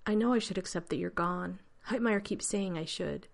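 A woman's voice: fairly low pitch, vocal fry. A woman reading a story aloud, voicing a sarcastic, flustered male scientist who snaps and complains. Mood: grieving. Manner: snappish, rapid complaints.

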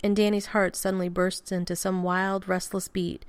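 A woman narrating a fan fiction story aloud at a steady pace with casual swearing. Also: mid-range voice, normal speed, smooth, no echo.

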